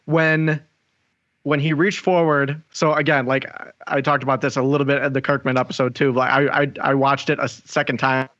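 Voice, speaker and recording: A man co-hosting a podcast, giving an animated play-by-play retelling of a show's scenes in casual chat. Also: medium pitch, fairly quick. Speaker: podcast co-host. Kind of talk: casual chat, recapping an episode. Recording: slightly dull lo-fi sound.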